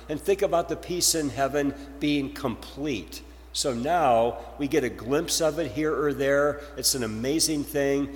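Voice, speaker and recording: A man's voice: medium pitch, in a large hall. A male pastor delivering a sermon, posing rhetorical questions to his congregation.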